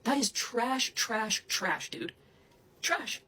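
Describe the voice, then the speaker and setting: Husky young woman, furious camera-facing rant, cutting and full of swearing. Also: medium pitch, expressive, fairly quick. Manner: profane, accusatory, cutting. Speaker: online personality. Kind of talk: angry direct-to-camera rant.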